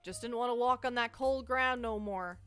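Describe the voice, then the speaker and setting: A woman's voice: fairly high pitch, normal speed, a bit bright, soft background music, close to an everyday voice. A woman voicing her old male dog, who hates the cold, in a whiny, complaining way. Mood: grumbly.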